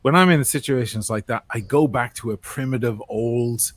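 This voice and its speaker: A man's voice: mid-range voice, moderate pace, no room sound. Chatty Irish man from Dublin. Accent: North Dublin Irish. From Ireland. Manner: chatty storyteller, swears freely. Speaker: podcast host. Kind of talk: casual chat.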